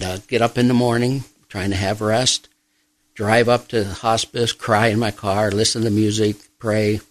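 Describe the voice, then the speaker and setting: Middle-aged male pastor, low-voiced, gentle and reflective, unhurried testimony with pauses. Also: rough recording. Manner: soft-spoken, reflective, pausing often. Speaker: pastor and grief counselor, guest. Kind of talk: personal testimony in an interview.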